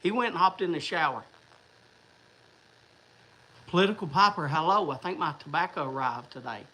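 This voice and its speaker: A man's voice: on the high side, moderate pace, sharp tone, rough recording. A man hosting a livestream, talking to viewers in a rambling, chatty way. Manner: rambling, chatty, restarts and fillers. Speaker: livestream host. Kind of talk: casual livestream chat.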